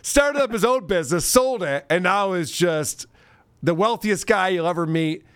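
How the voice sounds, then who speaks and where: A podcast co-host chats casually and mockingly about video clips, laughing often. His voice sits high, fairly bright, clean, and expressive at normal speed, recorded dry with clean studio sound.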